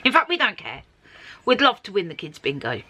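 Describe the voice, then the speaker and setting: A woman's voice: medium pitch, wildly swooping pitch, brisk, pushed and bright. A middle-aged woman narrating a casual vlog to camera in a chatty, upbeat way. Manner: chatty and upbeat, with frequent laughs. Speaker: vlogger.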